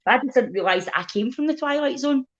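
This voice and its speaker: A woman's voice: high voice, fast, dull audio. Scottish woman from ayrshire, comedian guest, tells stories with lots of swearing and little voices. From Scotland. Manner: animated storytelling, acts out voices, swears freely. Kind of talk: casual chat.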